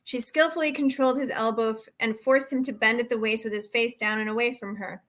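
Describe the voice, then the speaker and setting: Bright-voiced woman reading her novel aloud. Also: a little high, steady tone, a little fast. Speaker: guest author.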